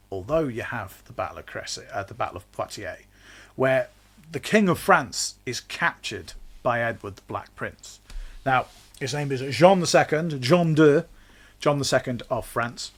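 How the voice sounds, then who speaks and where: A man's voice: medium pitch, a bit bright. A man, hosting a podcast and explaining history in a chatty, jokey way, laughing now and then. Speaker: podcast host.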